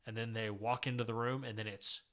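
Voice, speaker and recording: A man co-hosting a podcast, giving a casual, lively recap of a comic book story with plenty of filler words. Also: medium pitch, brisk. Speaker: podcast co-host.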